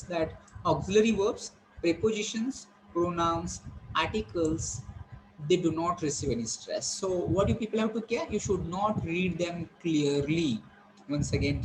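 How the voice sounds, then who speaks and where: A man's voice: on the high side, slight background noise, rough recording. A male teacher, lecturing on English pronunciation, explaining step by step and repeating key points.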